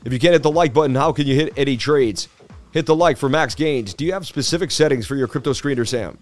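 A man's voice: mid-range voice, fast talker, soft background music. A middle-aged man hosting a casual crypto live stream, chatty, with a sports-presenter delivery. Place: traveling.

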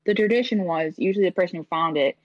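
A woman's voice: fairly low pitch, fast, dry recording. A woman co-hosting a casual holiday podcast chat, explaining things at length in an amused, chatty way. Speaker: podcast co-host. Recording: dull lo-fi mic.

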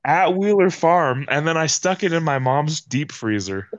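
A young man guest on a podcast, telling a party story in a casual, slangy, animated way. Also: fairly high pitch, moderate pace, muffled recording.

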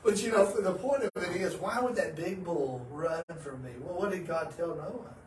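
A man, a pastor co-hosting a podcast, telling stories animatedly and swinging from hushed to loud. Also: high-pitched, moderate pace. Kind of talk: casual religious podcast chat. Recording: roomy, distant mic, faint noise.

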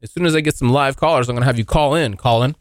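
A man hosting a casual solo podcast, joking and swearing, now and then yelping into high silly voices. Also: racing, no echo. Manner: animated, swearing, jokey, yelps into high voices. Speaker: podcast host. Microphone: hot close mic.

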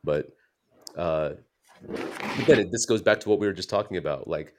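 A man's voice: low voice, normal speed, background noise. A man from the United States, a comedian guest telling stories in casual interview chat, rambling and correcting himself as he goes. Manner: rambling, self-correcting storyteller.

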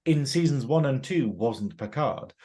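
A man's voice: medium pitch, expressive, unhurried, mellow. A man from northern England co-hosting a casual TV review chat, enthusiastic, laughing often and acting out the characters' lines. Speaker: podcast co-host.

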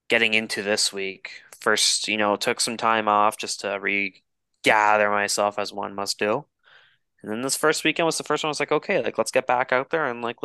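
A man's voice: fairly low pitch, creaky, sharp tone, smooth, no echo. A man in his twenties, a podcast co-host, telling a rambling, profane dating story in casual chat. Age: 20s.

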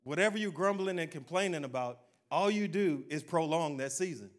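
Folksy preacher man, fairly high voice. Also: brisk. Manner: exhorting, call-and-response preaching; conversational, folksy, acts out quotes. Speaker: pastor. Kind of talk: sermon.

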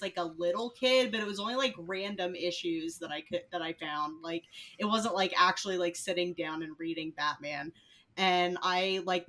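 A woman's voice: lowish voice, pushed and bright. A woman co-hosting a podcast in casual, giggly chat. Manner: giggly, chatty. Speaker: podcast co-host.

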